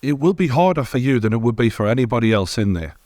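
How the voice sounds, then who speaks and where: A man's voice: mid-range voice, expressive, fast talker, a little mellow, no echo, clean studio sound. A man with a Geordie accent hosting an interview, encouraging his guest in a blunt, casual way. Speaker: interview host. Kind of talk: supportive interview chat.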